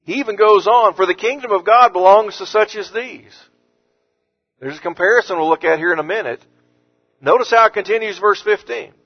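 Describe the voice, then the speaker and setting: A man's voice: high-pitched, a little fast, muffled recording. A man preaching a sermon, earnest and rising to emphatic force on the scripture he quotes. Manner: earnest, rising to emphatic when quoting Jesus. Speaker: pastor.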